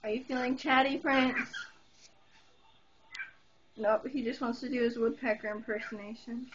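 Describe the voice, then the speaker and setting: Woman, home video, high swooping sing-song pet talk, muffled phone audio. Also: steady tone, moderate pace. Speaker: pet bird owner. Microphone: camera phone. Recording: dull lo-fi phone recording with faint hiss.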